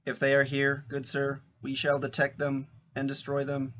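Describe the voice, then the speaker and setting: A man's voice: mid-range voice, completely flat delivery, moderate pace, a bit bright, dull audio, natural voice. A man reading a battle droid commander's lines in stiff, obedient Shakespearean verse. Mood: dutiful. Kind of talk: table read in Shakespearean verse.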